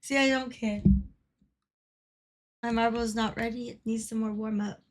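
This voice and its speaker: A woman livestreamer giving excitable live gaming commentary, swearing a lot and laughing often. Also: fairly high pitch, moderate pace.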